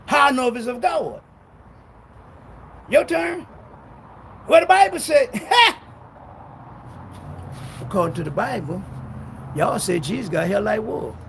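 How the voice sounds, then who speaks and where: A man preaching a sermon in a loud, fiery way, swinging between shouting and low muttering. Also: big pitch swings, takes it slowly, gravelly, pauses often, a little hiss or hum, poor audio. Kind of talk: street-style sermon.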